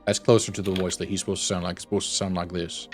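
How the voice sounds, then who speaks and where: A man with a fairly low voice chats and teases as game master on a voice call. He talks in a loose, easy way between turns of the game. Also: level tone, racing, soft background music. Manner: teasing, chatty. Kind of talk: casual chat.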